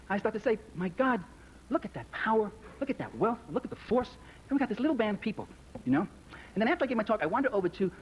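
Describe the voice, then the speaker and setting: A man giving a lecture to an audience in a hall, telling stories in an animated, emphatic way, then taking questions. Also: sits high. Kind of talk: public speech with questions. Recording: dull lo-fi recording with faint hiss.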